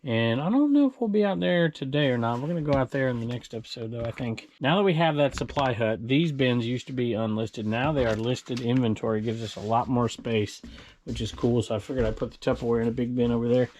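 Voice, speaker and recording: A man's voice: mid-range voice, a little fast, a little mellow, slight background noise. A man selling items online, chatting casually and rambling as he walks through his storage bins, chuckling to himself now and then. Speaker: online reseller showing sold items. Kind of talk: casual vlog walkthrough. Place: indoor storage room with bins.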